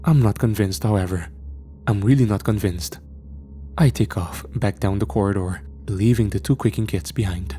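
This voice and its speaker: A man narrating a first-person horror story in a tense, measured way. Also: fairly low pitch, mellow, faint music behind.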